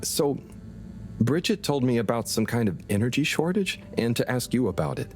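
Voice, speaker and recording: A man's voice: medium pitch, sing-song, moderate pace, darkish tone, soft background music, natural voice. An actor playing an awkward, polite young male lab intern in a game. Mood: hesitant. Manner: hesitant, polite. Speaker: professor's assistant.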